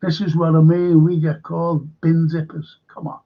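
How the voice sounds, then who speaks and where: An older man reading the chat on his casual livestream rambles at a moderate pace, repeating himself and leaning on fillers. His voice is a little high with little pitch movement, and the audio has a dull, lo-fi stream quality.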